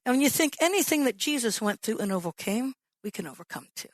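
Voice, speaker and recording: A woman pastor preaching a sermon, telling the story with lively acted-out quotes. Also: on the high side, fast talker, no echo. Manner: animated storytelling, acts out quoted voices.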